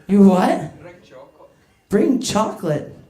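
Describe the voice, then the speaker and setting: A woman's voice: mid-range voice, very animated, slow pace, mellow. Brash woman doing stand-up. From United States. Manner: brash, crude and self-mocking, laughing through her lines and teasing the audience. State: voice getting hoarse. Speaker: stand-up comedian. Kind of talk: stand-up set with crowd work. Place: comedy club stage. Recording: echoey club room.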